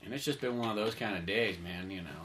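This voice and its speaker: Wisecracking, bright-voiced man on a podcast. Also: lowish voice, fast, a little hiss or hum. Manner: joking, profane, jumps in with mock voices. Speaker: podcast host. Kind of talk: casual comedic chat.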